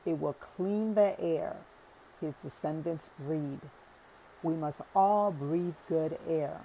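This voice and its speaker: A woman voicing a wise, thoughtful older brother who speaks in a measured, solemn way in a storybook reading. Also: low voice, mellow, a little hiss or hum, poor audio.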